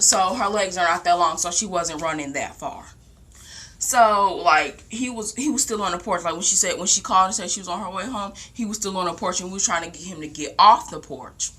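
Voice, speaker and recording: A young woman casually telling a long story at home, rambling and animated, with lots of "like". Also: lowish voice. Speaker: vlogger. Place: home, indoors.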